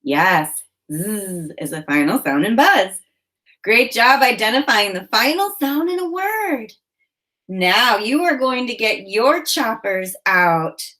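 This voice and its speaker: A woman teacher leading a children's phonics lesson, giving slow, deliberate prompts and then praising the answers. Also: fairly high pitch, big pitch swings, bright, forceful tone. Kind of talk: phonemic awareness lesson for children.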